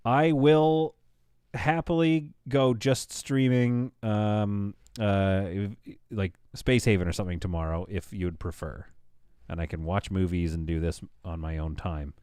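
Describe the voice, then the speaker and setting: A man's voice: lowish voice, steady tone, unhurried, darkish tone, clean tone, no echo. A man in his thirties chatting casually on a live stream, tired from staying up all night, joking and rambling to his viewers. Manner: joking, rambling, talks to chat.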